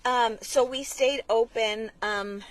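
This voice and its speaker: A woman's voice: a little high, steady tone, slow. Earnest woman explaining a cause. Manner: earnest, explanatory, many restarts. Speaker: blood center marketing manager, guest. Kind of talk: conversational interview.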